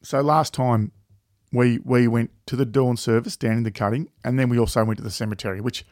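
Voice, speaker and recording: A man's voice: mid-range voice, steady tone, a little fast, a little mellow, dry recording, studio quality. A man with an Australian accent, co-hosting a podcast in casual chat, rambling with many fillers and frequent swearing. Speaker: podcast co-host.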